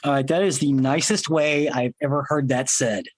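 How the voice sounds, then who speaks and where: A man co-hosting a podcast, chiming in with quick reactions and apologies while his partner tells the story. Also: medium pitch, steady tone, dry recording. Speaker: podcast co-host. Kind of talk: casual podcast banter.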